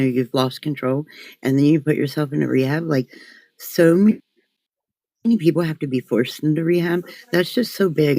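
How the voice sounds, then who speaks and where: A woman hosting a recovery group, speaking warm, encouraging words with fillers. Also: low voice, gravelly, no room sound. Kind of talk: supportive remarks.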